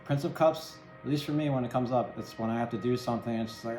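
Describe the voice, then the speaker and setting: A man talks through a tarot reading in an easy, rambling way, often checking in with the listener. His voice sits at a middle pitch and sounds roomy, with faint music underneath. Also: fairly even intonation, brisk, few pauses, warm tone. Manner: chatty, empathetic, rambling with many "right?" tags. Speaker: tarot reader.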